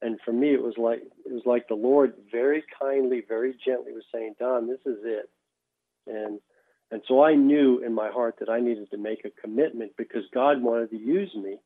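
A man's voice: mid-range voice, fairly even intonation. Man telling his testimony over a phone line. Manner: halting, repeats words as he restarts. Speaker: guest. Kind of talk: telling a personal faith testimony.

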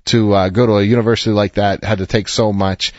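A man's voice: on the low side, little pitch movement, fast talker, darkish tone, no echo, highs cut off. Earnest man giving advice. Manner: earnest, reassuring, with storytelling. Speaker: advice show host. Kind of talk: counseling advice to a caller.

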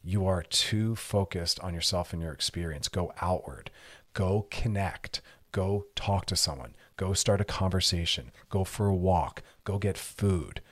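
Husky low-voiced man giving advice. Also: a little slow. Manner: earnest, direct, coaching with repeated commands. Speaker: advice show host. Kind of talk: advice podcast monologue.

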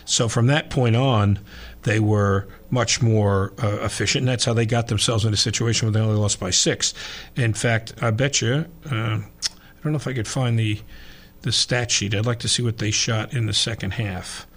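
A man hosting a sports radio show, rambling through stats and yelling at the crew. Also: lowish voice, fairly even intonation, normal speed. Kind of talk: casual radio banter. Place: radio studio.

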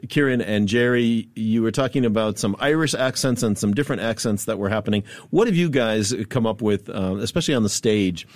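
A man with a somewhat low voice hosts a radio talk show from a studio. The sound is close and dry, with no room around it. He asks his guests long, winding questions and laughs easily. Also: darkish tone, no room sound.

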